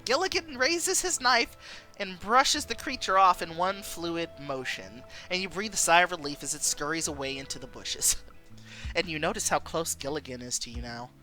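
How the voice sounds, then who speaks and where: Giggly woman streamer with a lively voice. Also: on the low side. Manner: giggly, chatty asides to viewers. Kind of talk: casual stream commentary and story reading.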